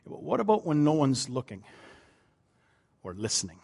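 A man, a pastor, preaching a sermon, moving between loud emphasis and quiet, drawn-out lines. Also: fairly high pitch, very animated, vocal fry, slightly rough.

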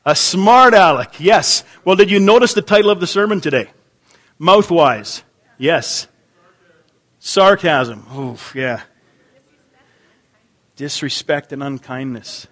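Chatty pastor, voice on the high side. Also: male voice, lively intonation, takes it slowly, pauses often, fairly bright tone. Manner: conversational, repeats congregation answers aloud; stumbles and restarts often. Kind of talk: interactive sermon. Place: church.

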